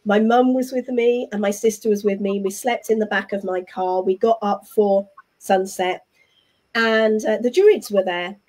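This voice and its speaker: A middle-aged woman with an English accent, a guest telling her story in a chatty, animated way and acting out what others said. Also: medium pitch, measured pace. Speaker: interview guest. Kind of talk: casual conversational storytelling.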